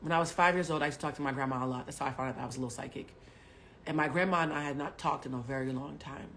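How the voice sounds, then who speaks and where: A woman in her forties from Haiti, a spiritual coach telling a personal story on a livestream in a blunt, profane way, swinging from loud bursts to hushed asides. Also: low voice, rapid-fire, a little hiss or hum. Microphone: webcam or phone mic on a home livestream.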